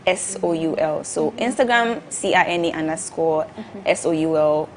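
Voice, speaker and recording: A woman's voice: sits low, moderate pace, crowd noise. A woman, a singer guesting on a morning show, talking easily about her upcoming release. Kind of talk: casual interview.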